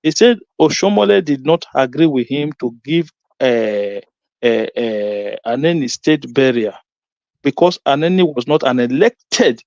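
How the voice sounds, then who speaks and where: A man's voice: mid-range voice, lively intonation, unhurried, darkish tone, dry recording. Insistent Nigerian man pushing back. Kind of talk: heated political debate. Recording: dry lo-fi audio.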